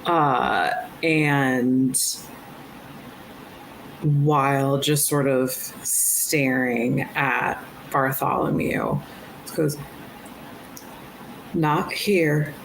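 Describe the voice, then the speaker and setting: A player describing their character's actions in a halting way full of fillers. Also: medium pitch, slight background noise, low-quality recording. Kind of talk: narrating own character.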